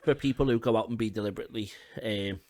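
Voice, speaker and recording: A male podcast host with a lowish voice speaks quickly, adding short agreements and loose questions between his guest's stories. His lines are brief and relaxed. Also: dry recording, studio quality. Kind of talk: casual podcast interview.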